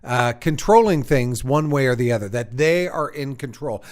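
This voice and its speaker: A man's voice: medium pitch, expressive, moderate pace. A man co-hosting a podcast, explaining ideas step by step in a casual chat with dry humor. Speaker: podcast co-host. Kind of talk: casual conversational discussion.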